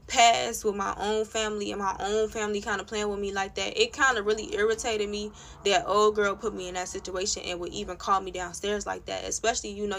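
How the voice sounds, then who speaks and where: A woman's voice: medium pitch, vocal fry, bright, forceful tone. A young woman vlogger telling a story in a casual rant, blunt and profane, with lots of "like" fillers. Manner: blunt, profane, heated retelling with many "like" fillers.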